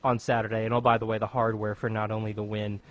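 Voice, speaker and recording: A man's voice: on the low side, little pitch movement, fast, fairly bright tone. A man with an American accent hosting a podcast, rambling and joking at his own expense in a casual chat. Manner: rambling, joking, self-mocking. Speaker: podcast host.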